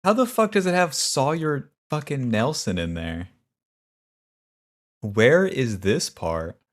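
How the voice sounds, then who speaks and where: A man's voice: medium pitch, very animated, slow. A man streaming a video game, chatting casually with a wry, profane, grumbling manner. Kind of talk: casual gaming stream chat.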